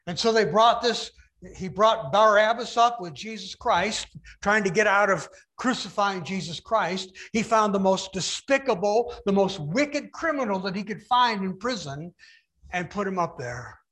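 A man's voice: high voice, animated, measured pace, fairly bright tone. A man preaching a sermon, retelling a Bible story with dramatic emphasis and acting out the voices.

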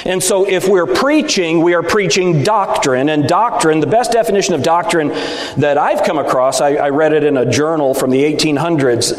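A man's voice: fairly high pitch, normal speed. A middle-aged man, a Baptist preacher, giving an emphatic sermon to fellow preachers and often asking them whether they agree. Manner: emphatic, rhetorical, seeking agreement from the audience. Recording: echoey hall, speaker at times off mic.

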